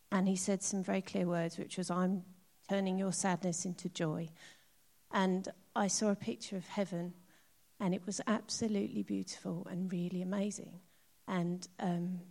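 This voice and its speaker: A middle-aged woman giving a personal testimony in church, soft and earnest, often trailing off quietly. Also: lowish voice, vocal fry.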